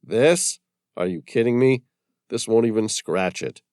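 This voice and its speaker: A man's voice: fairly low pitch, a little slow, a little mellow, dry recording, studio quality, voice pushed up, natural voice. A man doing a grim, hunted man. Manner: grim, intense, emphatic. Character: grim hunted male ex-scientist, fatalistic.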